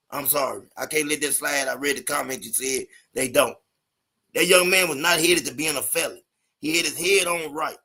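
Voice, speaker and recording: A man hosting a sports talk stream, pushing hard in a heated debate. His voice is bright and a bit husky, pitched slightly high. He interrupts and repeats the other man's name to press for an answer.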